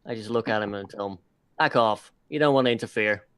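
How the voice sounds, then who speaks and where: A male player speaking in character in a tabletop role-playing session, firm and terse. His voice is smooth and resonant, and the recording is completely dry. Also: on the low side, fast talker, a bit bright, no room sound.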